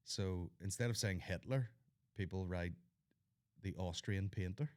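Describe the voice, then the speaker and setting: A man's voice: low voice, measured pace, a little mellow. A man hosting a podcast, rambling through loose stories with lots of swearing, laughing at his own jokes. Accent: Northern Irish. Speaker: podcast host. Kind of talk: casual chat.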